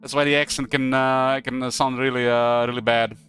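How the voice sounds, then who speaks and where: A man's voice: medium pitch, little pitch movement, normal speed, a bit bright, soft background music. A man from Croatia with a Croatian accent, speaking English as a second language, chatting casually on a live stream and rambling with lots of hesitant fillers. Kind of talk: casual chat while gaming.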